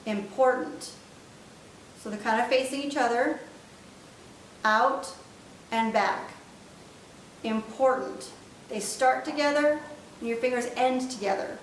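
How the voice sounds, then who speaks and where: Slow, patient woman teaching signs. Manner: patient, demonstrative, repeats each word slowly. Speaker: sign language teacher. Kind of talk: step-by-step instructional lesson. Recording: echoey room, mic at a distance, faint rumble.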